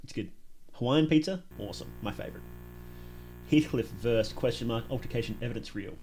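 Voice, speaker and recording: A man streaming a casual reaction who gets excitable, laughs often and thinks out loud. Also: mid-range voice, brisk, a little hiss or hum.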